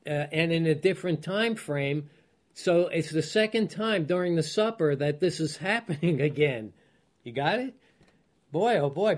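A man teaching a Bible study, reading scripture aloud and then explaining it, often chuckling and checking in with his listeners. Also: on the high side. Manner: asks listeners rhetorical check-in questions.

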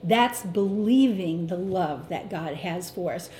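A middle-aged woman teaches from scripture in an unhurried, deliberate sermon. Her voice is warm and dark-toned. The recording sounds roomy, with a faint ambient hum behind her. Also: lowish voice, animated. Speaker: Bible teacher. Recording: echoey room with faint ambience.

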